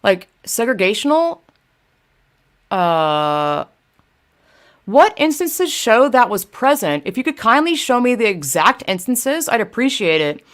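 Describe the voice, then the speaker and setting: A woman's voice: fairly high pitch, big pitch swings, measured pace. A young woman ranting casually and profanely on a livestream, talking to her chat while fumbling through her phone. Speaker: video creator ranting to live chat.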